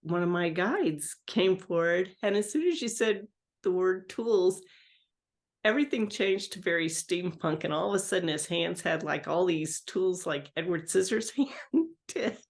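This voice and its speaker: A woman's voice: lowish voice, lively intonation, unhurried. A woman in a meditation group describing her vision, telling it in a rambling way with many fillers. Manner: rambling, filler-heavy storytelling. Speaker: participant.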